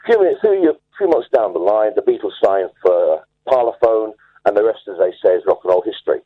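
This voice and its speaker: A man's voice: fairly low pitch, lively intonation, fairly quick, slightly rough. Rambling male caller on a tinny phone line. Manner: enthusiastic, rambling, self-assured. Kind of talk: phone-in storytelling. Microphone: telephone.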